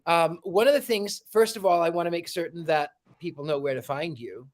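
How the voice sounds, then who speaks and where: A man hosting a livestream with a warm, theatrical, exclamatory manner, chatting and reading a storybook aloud. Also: fairly high pitch, a little fast. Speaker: livestream host.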